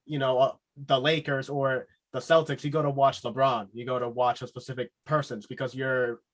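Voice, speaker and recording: A man hosting a casual podcast interview, enthusiastic and quick to laugh, often repeating himself. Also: mid-range voice, flat delivery. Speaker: podcast host.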